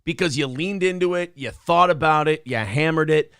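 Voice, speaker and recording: A man's voice: a little high, normal speed, clear, resonant tone, no room sound, clean studio sound. A man hosting a casual morning podcast, chatting bluntly with heavy swearing and reading viewer messages aloud. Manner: blunt, profane, animated storytelling. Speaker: morning show host. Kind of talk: casual podcast banter, reading super chats.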